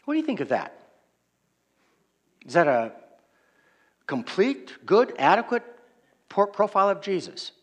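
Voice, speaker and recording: A man's voice: high-pitched, sing-song, measured pace, long pauses. A male pastor preaching an expository sermon in a conversational, reflective manner.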